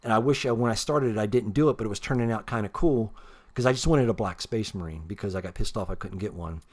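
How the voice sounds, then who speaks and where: Rambling, foul-mouthed man with a low voice. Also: fast talker, a little mellow. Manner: rambling, heavy swearing, self-deprecating. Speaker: custom action figure painter. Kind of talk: casual storytelling while showing his work.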